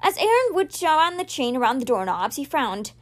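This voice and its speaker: Lively woman reading a storybook aloud. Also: high voice, brisk. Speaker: podcast reader. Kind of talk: reading a children's novel aloud.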